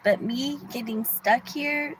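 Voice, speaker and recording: A woman's voice: a little high, slow, noisy background. A woman telling a rambling story to her viewers from her car, often restarting her sentences and sometimes dropping to a whisper. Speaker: vlogger. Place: car in a parking lot.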